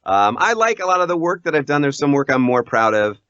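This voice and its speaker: A man who works as a voice actor, chatting casually as an interview guest in an animated, self-deprecating way and laughing often. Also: on the high side, brisk, clear, resonant tone, no room sound. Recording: dull lo-fi audio.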